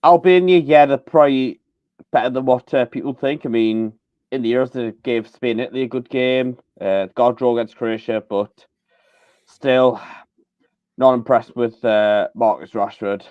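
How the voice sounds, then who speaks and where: A man's voice: medium pitch, normal speed, dry recording. Male co-host on a live football chat, hesitant, filler-heavy, dull call audio. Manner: hesitant, many ums and uhs.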